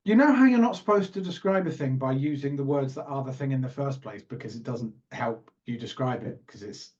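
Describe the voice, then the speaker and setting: A man's voice: medium pitch, a little fast, darkish tone, dull audio. A man co-hosting a casual podcast, talking in a playful, rambling, teasing way. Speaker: podcast co-host. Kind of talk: casual chat.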